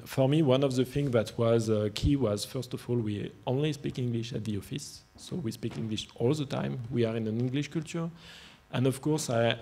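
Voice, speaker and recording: A man's voice: medium pitch, vocal fry, dark tone. A man with a strong French accent, a startup CEO on a panel, speaking earnestly and repeating his points. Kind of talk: panel discussion answer.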